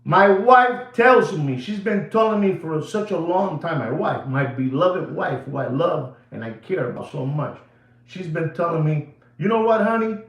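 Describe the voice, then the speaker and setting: A man's voice: fairly high pitch, expressive, a little slow, roomy sound. A man hosting a livestream, ranting emphatically and repeating himself, dropping into Spanish phrases. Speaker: watch seller livestream host. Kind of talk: animated livestream rant.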